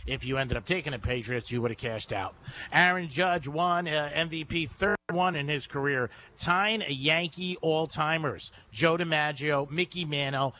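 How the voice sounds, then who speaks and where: A man hosting a radio sports betting segment, talking in a brisk, breezy, chatty way into a studio microphone. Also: medium pitch, sharp tone. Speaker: radio host.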